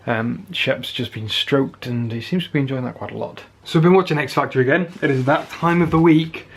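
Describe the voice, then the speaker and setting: A man's voice: medium pitch, a little fast, breathy edge. A tired man from England chatting casually to the camera at home in a daily vlog, wry and self-teasing. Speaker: vlogger.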